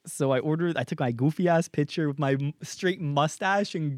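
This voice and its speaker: Young Canadian co-host, slightly high voice, lively and profane storyteller, dry close mic. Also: male voice, normal speed, few pauses, no echo. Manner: animated, profane, acts out quoted exchanges. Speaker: podcast co-host. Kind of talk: casual podcast storytelling.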